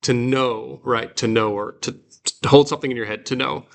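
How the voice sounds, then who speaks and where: A man teaching a guided reading class, explaining slowly and patiently with fillers and restarts. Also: medium pitch, steady tone, gravelly. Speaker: Greek teacher.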